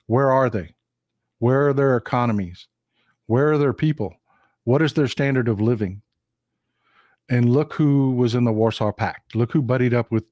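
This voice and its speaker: A man's voice: mid-range voice, darkish tone, no room sound, studio quality. A man with a Texan accent giving a casual political monologue on his live stream, emphatic and repetitive, often calling his viewers folks. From Texas.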